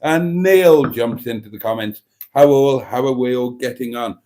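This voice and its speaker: A man with a warm, medium-pitched voice hosts a casual livestream, reading viewers' chat comments aloud at a normal pace. He adds wry, camp asides and laughs often.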